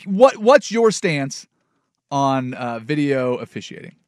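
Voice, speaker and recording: A male sports radio host talking in a loud, playful, rambling way on a dry studio mic. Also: medium pitch, sing-song, takes it slowly, no echo. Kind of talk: comedic radio sports talk.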